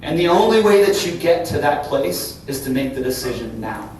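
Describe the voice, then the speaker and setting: A man's voice: fairly high pitch, very animated, moderate pace, a little mellow. A middle-aged man from Cincinnati speaking candidly to a live audience as a company leader, in an earnest, conversational way that keeps tagging "right?". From Cincinnati, Ohio. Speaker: company CEO speaking at a business breakfast. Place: large event room. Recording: very echoey hall from far off, faint hum. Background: occasional audience laughter.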